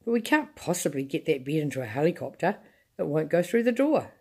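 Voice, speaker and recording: Woman doing an excitable eccentric chocolatier. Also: low voice, breathy edge, heavily acted. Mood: matter-of-fact. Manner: brisk, bustling and exclaiming.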